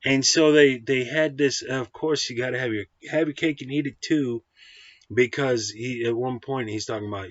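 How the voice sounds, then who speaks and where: A man's voice: mid-range voice, fairly even intonation, moderate pace, no echo. A man giving a blunt, profane, combative film review in a casual ranting style. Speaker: movie reviewer. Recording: dull, dry lo-fi sound.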